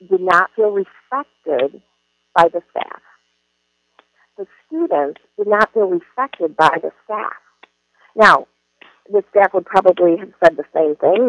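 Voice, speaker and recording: High-voiced man explaining earnestly. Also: lo-fi sound. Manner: earnest and explanatory, with frequent ums and restarts. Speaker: education trainer. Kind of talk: spoken presentation.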